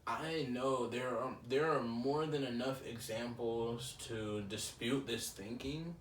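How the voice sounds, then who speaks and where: A man's voice: mid-range voice, fairly even intonation, takes it slowly. Rambling young man in a roomy space. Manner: rambling, filler-heavy, self-reflective. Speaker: podcast host. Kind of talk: casual solo podcast talk. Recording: roomy, slightly distant mic with faint ambient noise.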